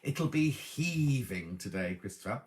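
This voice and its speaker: A man's voice: medium pitch, animated, unhurried, a little mellow. A middle-aged man, hosting a live sewing show and chatting away as he greets viewers by name and reads out their comments. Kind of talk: casual live-stream chat, reading out viewer comments.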